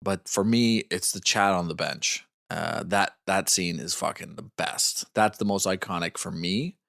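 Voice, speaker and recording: A man's voice: sits low, steady tone, a little slow, vocal fry, fairly bright tone, no room sound, studio quality. A man co-hosting a movie review podcast as a dad, rambling, restarting his sentences and swearing casually.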